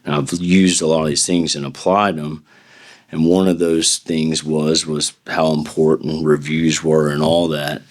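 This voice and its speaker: A man's voice: a bass voice, flat delivery, unhurried. A middle-aged man, a defense attorney, telling rambling anecdotes in a casual interview and acting out the voices of the people in them. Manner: rambling anecdotes with acted-out quotes. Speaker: podcast guest, defense attorney.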